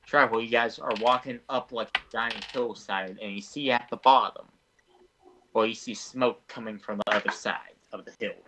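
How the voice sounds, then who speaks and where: A man's voice: on the low side, fairly even intonation, moderate pace, background noise. A man running a tabletop game as game master, narrating in a casual, laid-back way.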